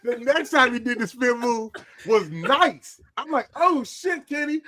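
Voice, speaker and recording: A man co-hosting a podcast, telling stories in casual chat, animated and laughing as he acts out what people said. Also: very high-pitched, unhurried. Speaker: podcast co-host.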